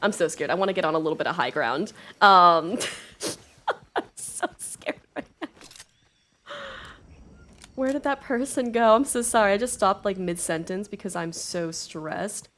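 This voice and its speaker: Excitable streamer woman, lively animated voice. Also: on the low side, fairly quick, few pauses. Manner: excitable, yelps and laughs, apologetic chatter. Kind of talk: live gaming stream chat.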